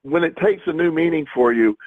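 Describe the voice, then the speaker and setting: A man's voice: a little high, animated, fairly quick, dry recording. A middle-aged man co-hosting a podcast in casual chat, rambling with many restarts and repeated words, heard over a tinny phone-like line. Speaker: podcast co-host.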